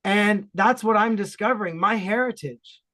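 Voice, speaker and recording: A man from Ontario with an Ontario Canadian accent, a regular on the podcast, chatting casually in energetic, emphatic bursts. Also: high voice, moderate pace.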